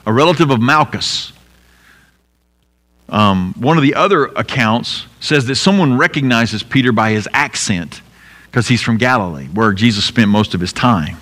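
A man preaching a sermon as pastor, earnest, building to emphatic peaks and dropping low for weight. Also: expressive, moderate pace, fairly bright tone. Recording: long hall reverb.

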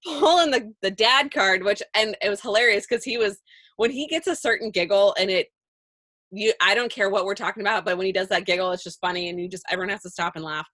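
A woman's voice: medium pitch, fast talker, a bit bright, dry recording, studio quality. A woman co-hosting a podcast, chatting casually, rambling through stories and laughing often. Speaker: podcast co-host. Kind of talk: casual chat.

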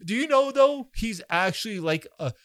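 A man's voice: sits high, lively intonation, normal speed, a bit bright, no room sound, studio quality. A man co-hosting a casual movie review chat, incredulous and riffing on the absurd parts of a film. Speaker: podcast co-host.

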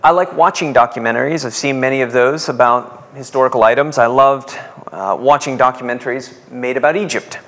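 A man's voice: medium pitch, brisk, fairly bright tone. A male pastor preaching a sermon, asking rhetorical questions and calling on the congregation to respond.

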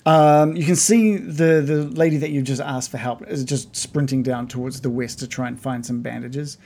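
A man narrating as game master of a tabletop game, halting with frequent ums and restarts. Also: medium pitch, fairly even intonation, darkish tone, slight background noise. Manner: hesitant, many ums and restarts.

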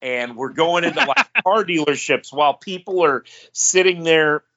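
A man with a bright, forceful voice tells a long, rambling story in casual podcast chat. He chuckles between his sentences. The audio is a little dull and lo-fi. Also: on the high side. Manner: rambling, laughs mid-story. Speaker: podcast co-host.

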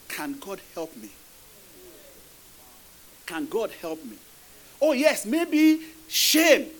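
High-voiced emphatic male pastor preaching slowly. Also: a bit bright. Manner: emphatic preaching with repeated phrases; rhetorical questions to the congregation. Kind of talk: sermon.

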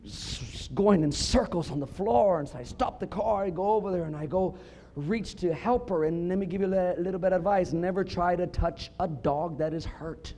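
A middle-aged man preaching a sermon, telling funny stories with punchlines and building up to emphatic shouts. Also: high-pitched, moderate pace. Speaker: pastor.

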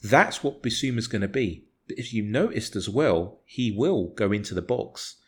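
Low-voiced, fired-up man. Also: lively intonation, moderate pace, husky. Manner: passionate, argumentative, swears freely. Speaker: podcast co-host. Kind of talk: casual football podcast chat.

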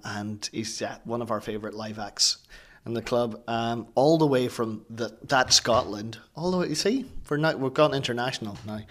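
A man's voice: on the low side, a bit bright. A man hosting a comedy club, introducing the next act with lots of hesitant fillers.

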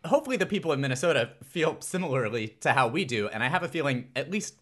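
Woman with a really deep voice, lively ups and downs, chatting politics. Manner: halting, restarts, lively. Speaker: podcast co-host. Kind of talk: casual political chat.

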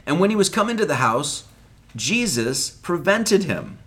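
Animated man giving a casual sermon. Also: fairly high pitch, unhurried. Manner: conversational, acts out quoted lines, swears casually. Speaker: preacher. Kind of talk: casual Bible-study sermon.

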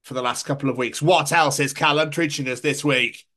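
A man's voice: mid-range voice, fairly quick, sharp tone. A young man from England co-hosting a podcast in casual, sweary, rambling chat, often laughing and slipping into mock voices. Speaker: podcast co-host.

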